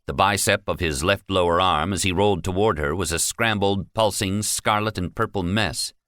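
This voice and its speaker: A man narrating a science fiction audiobook with an animated, dramatic delivery. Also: low voice, normal speed, no echo, studio quality. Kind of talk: scripted narration.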